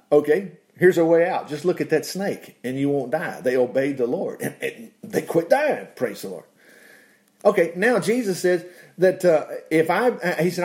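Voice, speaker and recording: A man's voice: a little high, sing-song, moderate pace, a little mellow. A man preaching a casual, folksy sermon, often laughing and dropping in "praise the Lord". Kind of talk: conversational sermon.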